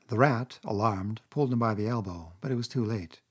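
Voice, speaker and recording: A man narrating a classic children's story aloud in a steady reading voice. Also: mid-range voice, fairly quick, hardly any pauses, slightly rough.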